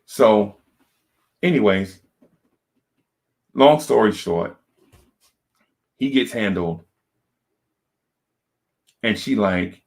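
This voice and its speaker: A man's voice: on the low side, slow, creaky, long pauses. A man on a podcast telling a personal story in a casual, conversational way, often checking in with his listeners. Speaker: podcast co-host.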